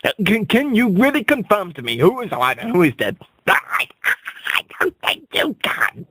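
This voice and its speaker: A man's voice: high voice, wildly swooping pitch, normal speed, pushed and bright, husky, no echo, low-quality recording. A man doing an absurd, mock-serious comic radio monologue, rambling and stammering over his own words.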